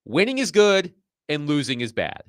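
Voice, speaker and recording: Sports radio host, male, animated and nerdy, lively pitch, dry close mic. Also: moderate pace, clear, resonant tone, dry recording. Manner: animated, self-described nerd who enjoys digging into numbers.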